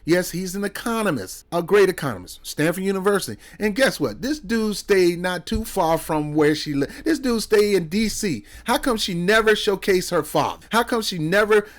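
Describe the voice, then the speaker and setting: A man's voice: high-pitched, expressive, normal speed, few pauses. A man giving casual political commentary in a heated, rambling way, full of sarcastic asides and repeated questions.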